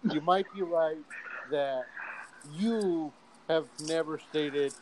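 A man in a casual chat, needling a friend and explaining his point deliberately. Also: fairly high pitch, a little mellow, slight background noise, rough recording.

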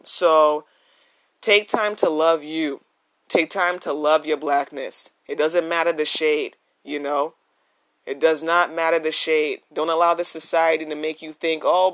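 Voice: medium pitch, a bit bright. A podcast host talking earnestly and emphatically in a casual solo monologue, recorded on a phone with no microphone. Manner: earnest and emphatic, repeats key phrases.

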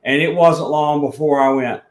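A man with a South Alabama Southern accent, telling a story as a guest in an unhurried, rambling way. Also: on the high side, steady tone. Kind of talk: storytelling in a podcast chat. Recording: roomy echo.

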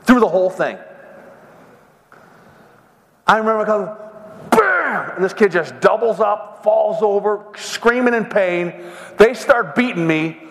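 A middle-aged man telling a story and preaching to a men's seminar, with animated, dramatic storytelling. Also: high-pitched, a little slow, long pauses. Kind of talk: sermon with storytelling. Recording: long hall reverb.

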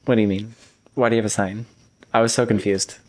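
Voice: mid-range voice, fairly even intonation, fast talker. A host in casual chat, laid-back and dry, asking short teasing questions.

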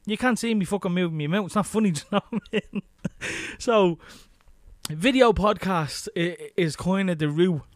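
Crude, chatty Irish man, fairly high voice. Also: moderate pace, dry recording. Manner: crude, swearing, chatty and matter-of-fact. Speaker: podcast host. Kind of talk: casual solo podcast monologue.

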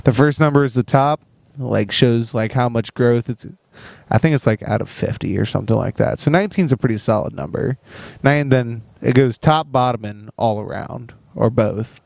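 Brief: young male podcast co-host, easygoing storyteller, mid pitch, dry close mic. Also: moderate pace, vocal fry, no echo. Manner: storytelling, relaxed, laughs often. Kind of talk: casual chat.

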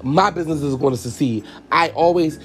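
A man's voice: a little high, fairly quick, fairly bright tone. A young man, a podcast host and hairstylist, candidly telling a personal story in an emotional, frank way, swearing freely and calling his listeners y'all.

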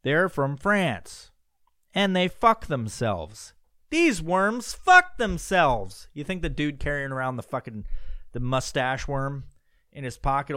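A podcast host doing a comedic rant, profane, loud and mocking as he reads news aloud. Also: medium pitch, clear, resonant tone, dry recording.

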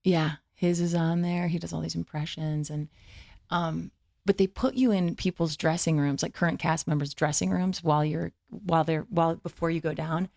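Gravelly-voiced woman telling a story. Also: deep voice, no room sound, clean studio sound. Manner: lively, acts out what others said in quick quoted voices; frequent fillers and false starts. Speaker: guest comedian. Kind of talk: casual storytelling.

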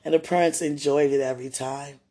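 A woman who used to be a childcare teacher, chatting casually in an interview and telling lively stories with frequent laughter. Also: sits low, brisk. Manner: chatty, laughs often, animated retelling.

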